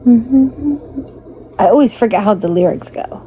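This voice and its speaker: Hoarse lady streaming, slow rambly chat, muffled lo-fi sound. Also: fairly high pitch, animated. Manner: rambling, greets viewers as lovey-doveys. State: hoarse, losing her voice. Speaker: livestreamer. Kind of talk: casual livestream chat. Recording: dull lo-fi stream audio with faint noise.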